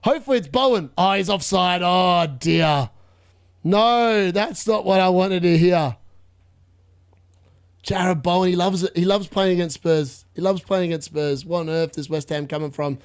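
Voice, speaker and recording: A young man hosting a live fantasy football watchalong, excitable and gloating, laughing often and repeating himself. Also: high voice, moderate pace, clean tone. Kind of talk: live stream commentary.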